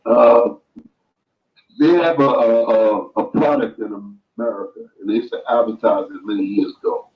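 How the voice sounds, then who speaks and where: A man talking as a boxing guest in a casual chat, making his points slowly and emphatically with homespun sayings. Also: fairly low pitch, muffled recording. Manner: slow emphatic explaining, makes points with sayings.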